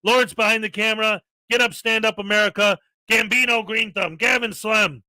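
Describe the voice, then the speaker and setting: High, bright-voiced ranting man. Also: steady tone, a little fast, no room sound, poor audio. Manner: ranting, reels off long lists. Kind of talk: casual live-stream chat.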